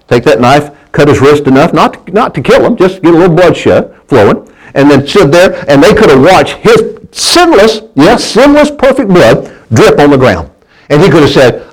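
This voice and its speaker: A preacher man with a somewhat high voice delivers a folksy sermon. He keeps asking his congregation for answers and trips over and repeats his words as he pushes his point. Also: big pitch swings, moderate pace, slightly rough, low-quality recording. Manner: folksy preaching with call-and-response and stumbling restarts. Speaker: pastor.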